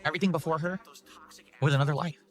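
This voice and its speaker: A man's voice: fairly high pitch, steady tone, fast talker. A man streaming on his birthday, talking in an earnest, sentimental and repetitive way about his wife and his happiness. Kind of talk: emotional on-stream monologue.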